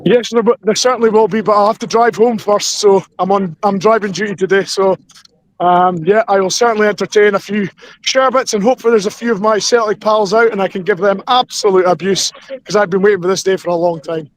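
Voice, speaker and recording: Fan guy, voice shot from shouting, pretty high for a bloke, tripping over his words. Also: low-quality recording. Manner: excitable, rushing with repeated restarts. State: hoarse. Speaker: fan reporting live after the match.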